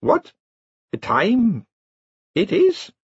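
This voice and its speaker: A man voicing a nervous, eager old male slave inventor with a fussy, excitable manner. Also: high-pitched, drawn-out words, slightly rough, no echo, muffled recording, pitched above the performer's own voice, heavily acted. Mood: puzzled.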